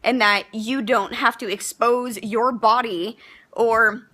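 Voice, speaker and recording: High bright-voiced young woman ranting. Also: fairly even intonation, slow. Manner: heated, frank and profane, with many fillers and restarts. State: pregnant. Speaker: vlogger. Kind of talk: casual rant to camera.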